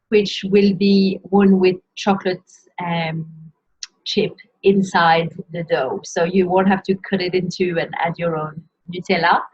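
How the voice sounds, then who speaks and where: Slow, husky woman teaching pronunciation. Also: mid-range voice. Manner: slow, careful word-by-word pronunciation with repetitions. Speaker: French teacher. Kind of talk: pronunciation lesson. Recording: dull lo-fi sound.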